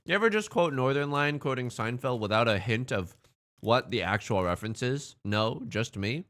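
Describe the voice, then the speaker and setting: A man with a mid-range, fairly bright voice chats casually on a livestream at a moderate, animated pace. Upbeat, he greets viewers in the chat and keeps talking while he eats.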